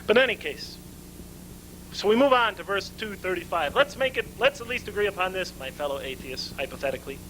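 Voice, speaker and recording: High, bright-voiced male lecturer. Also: lively intonation, brisk, a little hiss or hum, low-quality recording. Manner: asks rhetorical questions and answers them himself. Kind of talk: conference lecture.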